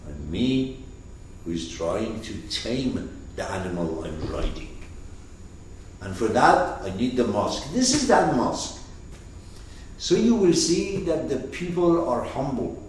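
Male lecturer, slow and emphatic, lively rising and falling delivery, recorded from a distance in a roomy hall. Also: mid-range voice. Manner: slow, emphatic, questioning the class. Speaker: teacher. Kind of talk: lecture on a poetic text. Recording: echoey room, distant mic, faint noise.

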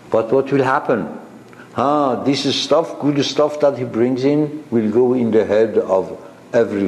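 A man teaching a class on a spiritual text, talking slowly in short halting phrases and asking his listeners questions, with English as a second language. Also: low voice, mellow, roomy sound, slight background noise, low-quality recording. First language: not English.

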